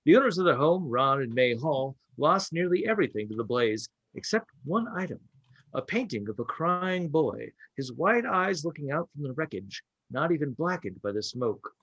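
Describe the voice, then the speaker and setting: Wry male podcast host, animated reader, dry sound. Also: a little high, moderate pace, slightly rough, no echo, lo-fi sound. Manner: wry, storytelling delivery with asides. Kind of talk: reading a prepared story with banter.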